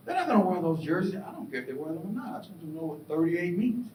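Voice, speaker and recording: A middle-aged man giving a motivational keynote, telling stories with lively acted-out voices and questions to the crowd. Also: very fast, hardly any pauses. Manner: animated storytelling, acts out voices and asks the crowd questions. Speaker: keynote speaker. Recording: echoey hall, distant mic, faint rumble.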